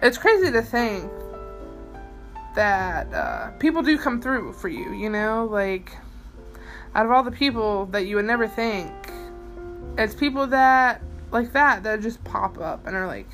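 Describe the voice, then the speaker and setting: A woman's voice: fairly high pitch, expressive, unhurried, fairly bright tone, faint music behind, poor audio. A young adult woman hosting a podcast, talking through a bad day in a rambling, emotional way with many fillers and restarts, and she swears casually. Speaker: podcast host. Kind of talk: personal late-night monologue.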